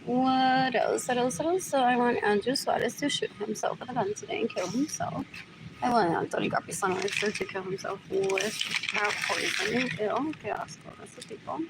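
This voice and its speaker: Livestreaming from her apartment, a woman rambles through a monologue, repeating the same short question over and over and switching between English and Spanish mid-sentence. Her voice is a little high at a moderate pace, over a noisy background.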